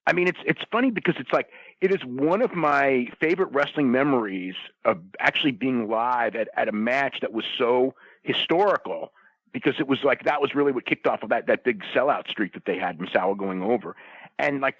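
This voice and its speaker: A man's voice: medium pitch, fairly bright tone, dry recording. A man telling a story in casual chat, rambling, with lots of restarts and "you know"s. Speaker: podcast roundtable guest. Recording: dull lo-fi sound.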